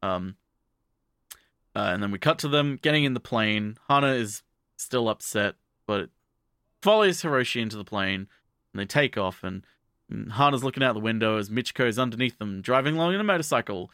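A man's voice: on the low side, lively intonation, a little fast, bright, forceful tone, clean tone, no echo, clean studio sound. A man casually recapping an anime episode as a podcast co-host, rambling with many restarts and fillers. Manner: quotes characters in offhand voices.

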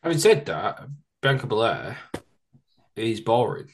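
A man's voice: lowish voice, sing-song, measured pace, a little hiss or hum. A man co-hosting a podcast, wry and laughing often in casual chat. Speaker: podcast co-host.

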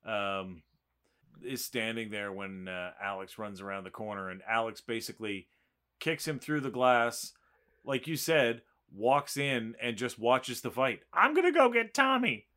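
A man's voice: on the low side, unhurried, sharp tone, clear, resonant tone. A man in casual chat, swearing constantly in a mocking, sarcastic way. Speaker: podcast co-host.

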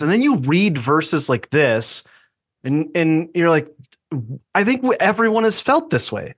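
A man's voice: fairly high pitch, normal speed. A man co-hosting a faith podcast, chatting casually and acting out quoted voices. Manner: animated, acts out quoted voices. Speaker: podcast co-host.

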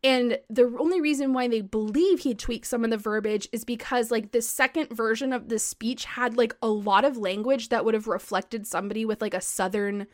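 A woman co-hosting a podcast, telling history in a casual, excitable way, full of "like" and the odd swear. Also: a little high, moderate pace, hardly any pauses. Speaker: podcast co-host.

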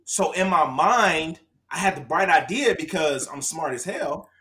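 Man from Florida, casual storyteller, bright voice, swinging up and down a lot. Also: a little slow. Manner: animated, laughing, swings from low mumble to loud shouting. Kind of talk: casual storytelling among friends.

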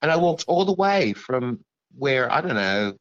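A man rambles through a story as a guest, stopping and restarting often. His pitch swings widely, and the sound is dull and lo-fi, like a remote call. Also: very animated, fairly bright tone. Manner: rambling, halting, full of restarts and "you know". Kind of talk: storytelling in an interview.

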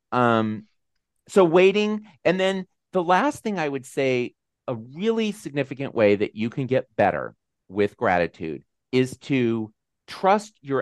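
A man hosting a video call with supporters, telling a personal story in a casual, animated, self-deprecating way. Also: medium pitch, no echo, studio quality. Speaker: host. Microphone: video call mic.

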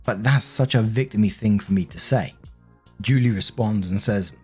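A man narrating a personal story aloud in a plain, measured reading. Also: fairly low pitch, mellow, husky, faint music behind.

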